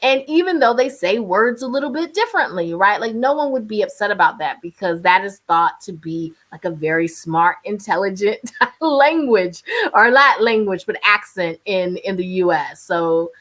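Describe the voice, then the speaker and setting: A woman with a North Carolina accent talks candidly on a video call. Her voice is bright and forceful. She chats freely as an interview guest, laughs easily and is in her thirties. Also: mid-range voice, expressive, moderate pace. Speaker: radio journalist, interview guest. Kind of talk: casual interview talk.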